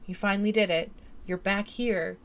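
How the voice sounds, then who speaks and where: A woman's voice: mid-range voice, steady tone, normal speed, lightly acted. A woman doing a pushy party buddy. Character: pushy young male party friend.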